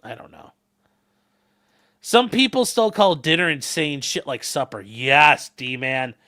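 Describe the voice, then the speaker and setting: A man's voice: on the high side, big pitch swings, takes it slowly, pushed and bright. A man hosting a livestream, rambling and joking as he reacts to the chat. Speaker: livestream host reading chat. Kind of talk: casual stream chat.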